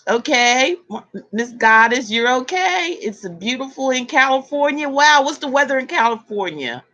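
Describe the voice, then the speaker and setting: Woman livestream host, higher voice, chatty and giggly, greets viewers by name, casual home-room chat. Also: sing-song, normal speed, a bit bright, muffled recording. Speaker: tarot reader hosting a livestream. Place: indoor room with air conditioner and fans.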